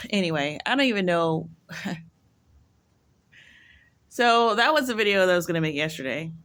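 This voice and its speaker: A woman's voice: lowish voice, lively intonation, moderate pace, a bit bright. Rambling, musing woman vlogger. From United States. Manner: rambling, musing, heavy use of "like". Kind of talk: casual monologue to camera.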